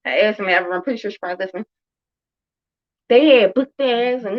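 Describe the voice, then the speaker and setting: A woman's voice: mid-range voice, quick pace, lo-fi sound. A woman around thirty, a mother and show host, telling a story in casual chat with blunt, emphatic and heavily profane talk. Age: about 30.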